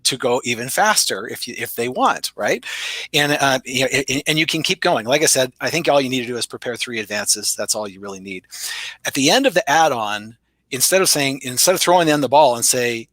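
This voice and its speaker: A middle-aged man, a sales author and guest, telling stories in a lively way and acting out both sides of the dialogue. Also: fairly quick, dry recording. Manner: energetic, acts out dialogue with big pitch jumps. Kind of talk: storytelling interview talk.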